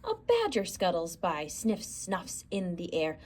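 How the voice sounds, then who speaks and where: A woman's voice: fairly low pitch, wildly swooping pitch, a little slow, hardly any pauses, a little mellow, slight background noise. A woman reading a rhyming children's picture book aloud in a theatrical, sing-song way. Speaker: storyteller.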